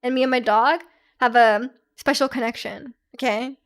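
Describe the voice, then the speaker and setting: A woman's voice: fairly high pitch, fairly even intonation, normal speed, fairly bright tone. A young woman streamer chatting casually with her viewers, rambling with lots of fillers and restarts.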